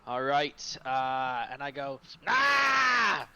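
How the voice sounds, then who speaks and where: A man playing in an online tabletop game, talking in a halting way with many fillers and restarts. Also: mid-range voice, pushed and bright, clean tone. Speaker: player. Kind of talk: casual game chat.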